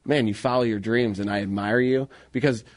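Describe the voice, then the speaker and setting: A man in his thirties co-hosting a radio talk show, earnest and excitable, with slangy casual chat in a studio. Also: lowish voice, brisk. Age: 30s.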